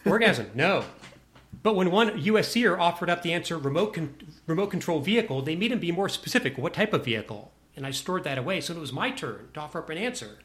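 A man's voice: fairly high pitch, animated, fast, a bit bright. Wry man telling a self-mocking story. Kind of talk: personal anecdote told to a listener.

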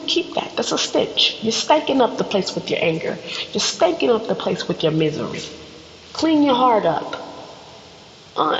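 A woman hosting a solo podcast, ranting bluntly and with plenty of swearing, acting out little scenes as she talks. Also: medium pitch. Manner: blunt, profane, animated, acts out little scenes. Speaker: podcast host. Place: studio. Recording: echoey room, dull sound, faint noise.

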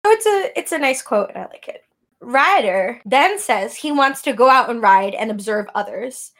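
High-voiced animated woman podcaster. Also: normal speed. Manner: animated, laughs often, swears casually. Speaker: podcast co-host. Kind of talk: casual chat recapping an anime.

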